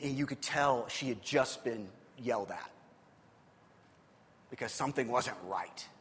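A man preaching a sermon, telling a personal story in a conversational way with frequent restarts. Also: medium pitch. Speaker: pastor. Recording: long hall reverb with soft guitar music.

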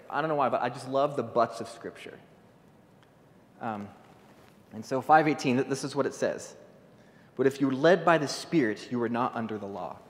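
A man delivers an informal sermon in a mid-range voice, often stumbling and repeating himself as he goes. His voice carries a long reverb from the church hall around him. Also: medium pitch. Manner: halting, repeats words and restarts often. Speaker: guest speaker.

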